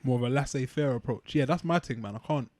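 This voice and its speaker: A man co-hosting a podcast, talking in a laid-back, teasing way with drawn-out phrasing. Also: mid-range voice, over a noisy crowd. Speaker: podcast co-host. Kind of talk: casual chat.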